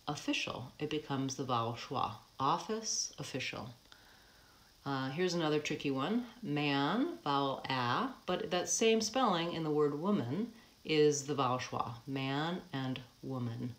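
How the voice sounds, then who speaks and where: An American accent coach with a low-pitched voice gives a live pronunciation lesson. She explains patiently and models words slowly, with frequent ums.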